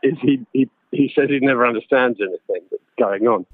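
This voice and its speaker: A man, a voice actor and audiobook narrator, chatting casually in an interview, self-deprecating and quick to laugh. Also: medium pitch, dry recording. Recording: tinny phone line, dry.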